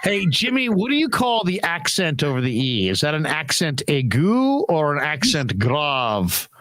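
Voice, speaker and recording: Casting note: male sports-talk host, slightly high voice, dry close sound, animated and repetitive. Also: measured pace, dry recording. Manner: animated, repeats himself. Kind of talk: casual sports chat.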